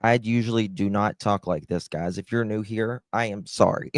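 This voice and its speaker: Low-voiced male stream host, blunt and sarcastic, cusses freely, dry close sound. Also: steady tone, moderate pace, no room sound. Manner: blunt, sarcastic, swearing, chatting to viewers. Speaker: live-stream true-crime host. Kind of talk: casual live-stream commentary.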